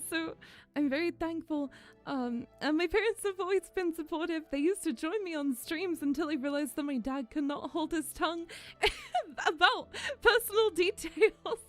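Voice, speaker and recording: A woman's voice: very high voice, unhurried, faint music behind. A young woman VTuber chatting casually with her viewers, giggly and emotional. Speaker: VTuber streamer. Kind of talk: casual chat with stream viewers.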